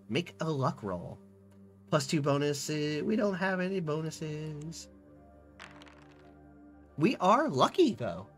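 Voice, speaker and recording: A game streamer narrates a fantasy adventure aloud, the voice rising and falling animatedly. Between passages the talk turns casual and quick as choices are weighed, with faint music underneath. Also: medium pitch, sing-song. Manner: reads narration dramatically, then chats quickly about choices. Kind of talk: reading game text aloud with casual commentary.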